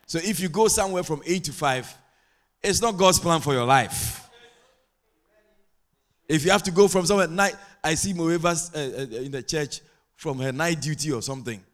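A man preaching a sermon as pastor, chatting with the congregation and building to loud sing-song preaching. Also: on the high side, normal speed, long pauses. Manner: asks the congregation for responses.

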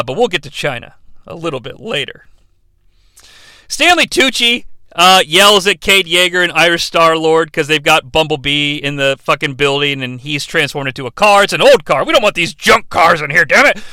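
A man's voice: a little high, bright, forceful tone, clean tone, dry recording. A man reviewing a movie in a sarcastic, profane, rambling comedic rant.

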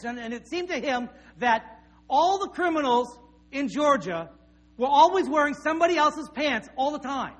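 High-voiced pastor preaching. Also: male voice, expressive, moderate pace, fairly bright tone. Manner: conversational, anecdotal, with repeated restarts. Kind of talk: sermon.

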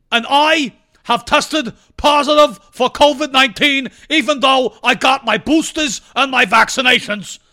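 Brief: indignant elderly senator, shrill and gravelly, slow and shaky. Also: male voice, heavily acted. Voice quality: high, strained and raspy. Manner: loud, quavering, slow. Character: elderly male senator impression, old and indignant.

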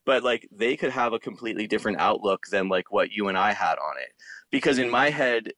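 A man's voice: fairly low pitch, animated, brisk, fairly bright tone, no echo. A man in his thirties from the Philadelphia area, talking casually and profanely, rambling with a lot of "like". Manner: profane, rambling, heavy use of "like". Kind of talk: casual chat.

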